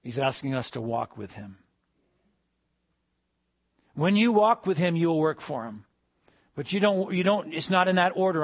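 A man preaching a sermon to a congregation, rising to emphatic peaks and then dropping soft. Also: on the high side, expressive, measured pace, pauses often, no echo, lo-fi sound. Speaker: pastor.

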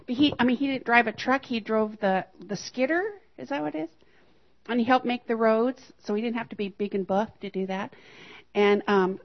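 Lively woman telling a church testimony. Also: a little high. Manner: lively storyteller, acts out quoted voices. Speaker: church member sharing a testimony. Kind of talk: personal testimony. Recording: dull lo-fi recording.

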